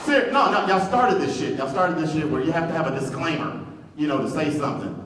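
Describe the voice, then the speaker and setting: A man's voice: on the high side, animated, brisk, background noise. A man from Detroit doing a stand-up comedy set, brash and profane, baiting the crowd, on a comedy club stage. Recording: echoey club hall from far off, crowd.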